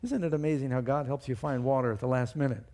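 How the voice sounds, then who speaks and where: A man's voice: mid-range voice, quick pace, warm tone. A man preaching a sermon, retelling scripture and a personal story, reading verses aloud with rising emphasis.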